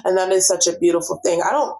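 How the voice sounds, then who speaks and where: A woman's voice: lowish voice, steady tone, quick pace, dark tone. A woman speaking as a guest on a podcast, earnest and affirming in a casual chat.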